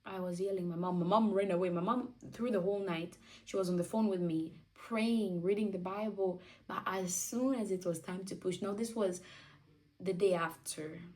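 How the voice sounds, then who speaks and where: A woman's voice: medium pitch, fairly even intonation, moderate pace, darkish tone, distant mic, rough recording. A twenty-year-old woman telling a personal story in a candid, emotional way, acting out what she and others said. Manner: candid, emotional, acts out her own quotes. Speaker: vlogger.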